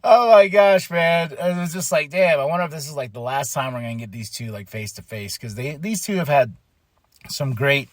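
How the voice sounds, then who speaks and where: Excitable man recapping wrestling, dry mic. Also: fairly high pitch, moderate pace, no echo. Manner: excitable, laughs often, mimics wrestlers in quotes. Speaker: podcast host.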